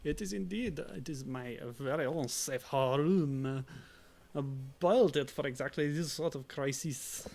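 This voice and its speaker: A man voicing a cagey village elder in a video game, coy and measured. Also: a little high, vocal fry, a little mellow. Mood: smug.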